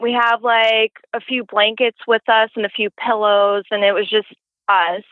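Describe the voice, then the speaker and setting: A woman's voice: on the high side, flat delivery, unhurried, no echo. A woman calling in to tell a story in a casual, rambling way, full of "like" fillers. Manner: rambling, heavy use of "like" fillers. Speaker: guest caller telling a paranormal story. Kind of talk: casual storytelling over the phone. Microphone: phone. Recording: tinny phone line, dry.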